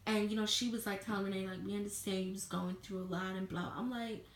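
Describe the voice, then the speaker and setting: Woman vlogger, mid-pitched, blunt and profane, echoey room. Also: fairly even intonation, fast, few pauses, a little hiss or hum. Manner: blunt, heated, swears freely. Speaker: vlogger reviewing a reality show. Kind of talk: casual opinionated review.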